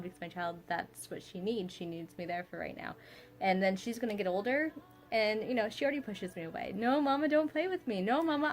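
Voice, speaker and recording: Young mom, home vlog, slightly low voice, wandering and filler-heavy. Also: female voice. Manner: rambling, many fillers like "you know". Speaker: vlogger, mother.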